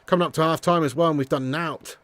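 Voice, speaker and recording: Sweary young host. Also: male voice, fairly high pitch, fairly even intonation, fast talker, a bit bright, no echo. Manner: blunt, sweary, laughs often, reads viewer messages. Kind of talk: live football watch-along chat.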